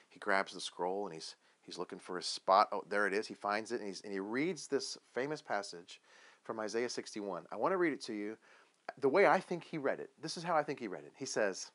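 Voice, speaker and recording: A man preaching a sermon as pastor, telling a Bible story with lively questions and acted-out lines. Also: medium pitch. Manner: animated storytelling, acting out biblical voices with questions.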